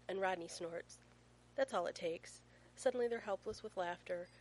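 A woman's voice: medium pitch, vocal fry, a little mellow, a little hiss or hum, low-quality recording. A woman narrating a fan fiction story as an audiobook reader, playful and storytelling.

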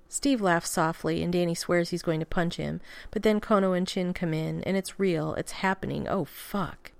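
A woman narrating a fan fiction story aloud at a steady pace with casual swearing. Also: lowish voice, moderate pace, creaky, hardly any pauses, no room sound.

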